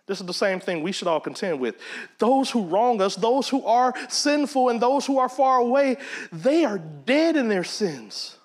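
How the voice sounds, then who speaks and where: A man's voice: very high voice, sing-song, normal speed. A man teaching a Bible study in a conversational preaching manner. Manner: conversational, acts out quoted voices.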